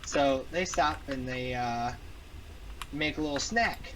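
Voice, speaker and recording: A man's voice: medium pitch, slow, fairly bright tone, a little hiss or hum, rough recording. A man improvising a silly story while gaming, rambling and repeating words. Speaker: gamer telling a story. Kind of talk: improvised storytelling on a game stream.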